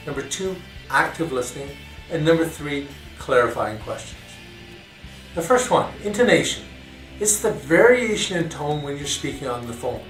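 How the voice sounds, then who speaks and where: A man's voice: a little high, roomy sound, distant mic, low-quality recording. Instructive man narrating a training course. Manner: clear, instructive, measured.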